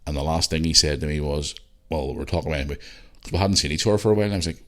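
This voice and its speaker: A man's voice: extremely low pitch, very fast. A man with a Northern Irish accent hosting a casual solo podcast, rambling and chatty, repeating himself and swearing freely. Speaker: podcast host.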